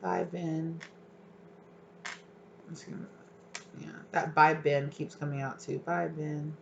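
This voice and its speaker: A tarot reader giving a casual pick-a-card reading, rambling with lots of filler likes and sudden excited bursts. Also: mid-range voice, slow pace, gravelly, highs cut off, slight background noise.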